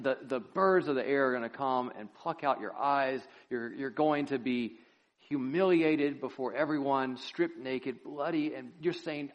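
In a church, a male pastor with a mid-range voice preaches a sermon, swinging between loud, impassioned lines and hushed, quiet ones.

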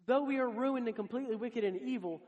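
High-voiced earnest male preacher. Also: quick pace, a little mellow, dull audio. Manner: earnest, speaks directly to the congregation. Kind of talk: sermon.

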